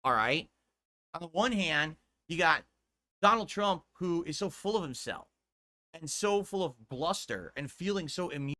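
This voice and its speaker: A man rants in a played-back streaming clip. His voice sits a little high and rings bright and sharp, and he swears freely as his exasperation builds. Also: expressive, normal speed. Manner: exasperated, profane, emphatic. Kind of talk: ranting commentary.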